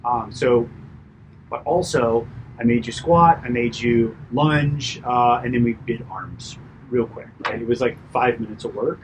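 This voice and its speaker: A man working as a personal trainer, giving a chatty, animated debrief after a client session, full of fillers and asides. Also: mid-range voice, a little slow, background noise. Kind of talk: casual coaching debrief.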